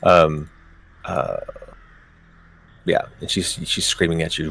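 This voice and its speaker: A man's voice: low-pitched, little pitch movement, slow, vocal fry, fairly bright tone. A man running a tabletop game as game master, casual and hesitant, with many ums and easy laughs.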